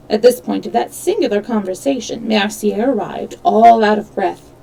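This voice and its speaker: Expressive woman reading a novel aloud. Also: medium pitch, normal speed, gravelly, poor audio. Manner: expressive reading with slips and self-corrections. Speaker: storyteller.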